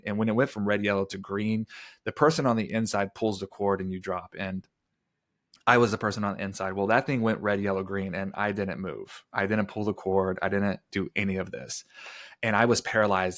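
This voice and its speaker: A man in his thirties, guesting on a podcast, tells a personal story earnestly and animatedly, using casual fillers. His voice is lowish.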